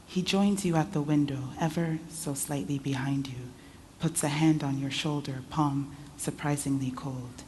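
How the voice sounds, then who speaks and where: A woman author reading her fiction aloud at a festival in a measured, intimate voice. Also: sits low, dark tone, slight background noise. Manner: measured, intimate second-person narration. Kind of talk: literary reading. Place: literature festival event.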